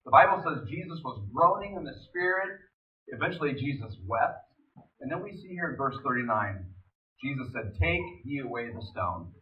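A man preaching a sermon in an animated way, reading scripture aloud between his own remarks. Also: medium pitch, moderate pace. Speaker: pastor. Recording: distant, echoey, phone-like sound.

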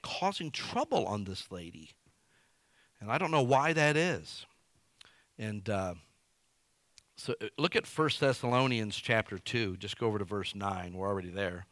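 A man preaching a sermon as pastor, in a lively, conversational way with everyday stories and folksy grammar. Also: medium pitch, no echo, clean studio sound.

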